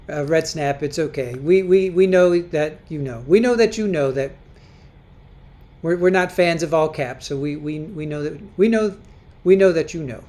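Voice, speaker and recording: Chatting on her casual livestream, this host reads comments from viewers out loud, frequently repeating herself and starting over. She has a deep, warm voice.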